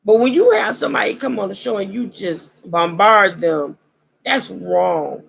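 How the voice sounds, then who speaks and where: A woman's voice: medium pitch, lively intonation, normal speed, creaky, slight background noise, low-quality recording. A woman hosting a vlog, giving a casual commentary monologue. She roasts and preaches in a slangy way, and her throat is dry as she loses her voice. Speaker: vlog host.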